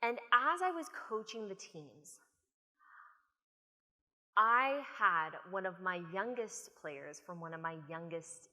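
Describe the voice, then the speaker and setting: An American woman speaker giving an animated, storytelling conference talk from a stage. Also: lowish voice. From United States. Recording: long reverb of a conference hall.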